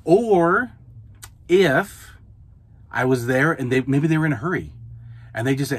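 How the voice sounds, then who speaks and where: A man's voice: fairly high pitch, expressive, a little slow, pauses often, breathy edge. A man hosting a podcast, giving casual, repetitive, coaching advice straight to his listeners as a mobile notary.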